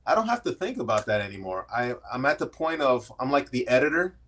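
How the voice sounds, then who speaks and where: Earnest male guest, candid storyteller, mid-pitched voice, acts out quotes. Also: lively intonation, a little fast, fairly bright tone. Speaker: guest, AI strategist. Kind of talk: conversational interview storytelling.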